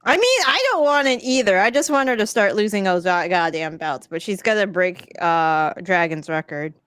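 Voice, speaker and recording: A woman's voice: mid-range voice, animated, normal speed, fairly bright tone, clear, resonant tone, dry recording, clean studio sound. A woman co-hosting a live wrestling watch-along, chatting casually with wry, teasing asides and laughing at her own jokes. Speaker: co-host.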